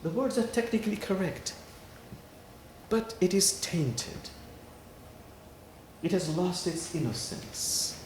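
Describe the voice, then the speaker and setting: A man playing a reflective monk in a parable, musing softly to himself. His voice is spoken low in an echoey hall with faint ambience. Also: big pitch swings, takes it slowly, long pauses, background noise, full character voice. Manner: quiet, reflective.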